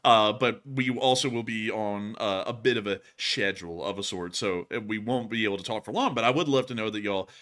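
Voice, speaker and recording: A man hosting a casual live stream, rambling and animated with frequent fillers. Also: lowish voice, a little fast, hardly any pauses. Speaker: host of war news stream.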